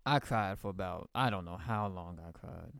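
Emotional young man with a gravelly voice. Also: deep voice, normal speed, a bit bright, no room sound, studio quality. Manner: emotional, rambling, slangy with many restarts. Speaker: podcast host. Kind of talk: casual personal storytelling.

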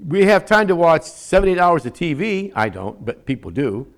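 An older man preaches at a normal speed in a rather high voice, very animated throughout. As pastor, he repeats words for emphasis and moves from shouting to almost whispering.

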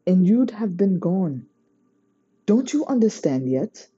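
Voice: mid-range voice, very animated, slow pace, dark tone, breathy edge, soft background music, voice pushed up, heavily acted. A reader voicing a blunt, scolding adult male mentor in a storybook reading. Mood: stern. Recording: dull lo-fi recording.

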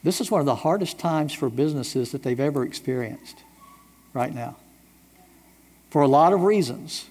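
A man's voice: on the high side, expressive, moderate pace, pauses often, a little mellow, slightly rough. A middle-aged man from the United States preaching a sermon as pastor, emphatic, with repeated rhetorical questions. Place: church sanctuary. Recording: long reverb of a large church hall.

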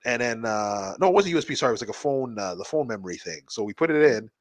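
Animated rambling man, dry mic. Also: mid-range voice, fast talker, no echo. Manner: rambling storyteller, swears a lot, acts out quotes. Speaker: podcast co-host. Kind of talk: crude casual chat.

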